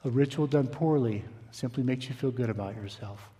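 A man preaching a sermon, reading scripture aloud and slowing down for emphasis. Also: mid-range voice, dark tone, in a large hall. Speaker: pastor.

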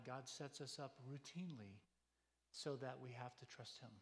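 A man preaching a sermon, telling stories in a conversational, emphatic way full of rhetorical questions. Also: on the high side. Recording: long hall reverb.

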